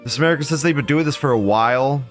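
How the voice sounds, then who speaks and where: A man hosting a live stream, reading viewer posts aloud and reacting with profane, scornful rants that swing between loud outbursts and low mutters. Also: very fast, faint music behind. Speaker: livestream show host.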